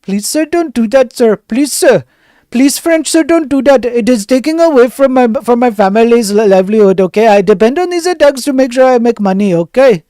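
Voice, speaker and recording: Begging crook voiced by a man, high whiny voice, comic, desperate pleading. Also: lively intonation, fairly quick, warm tone, no echo, clean studio sound. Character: whiny male cybercriminal begging not to be arrested.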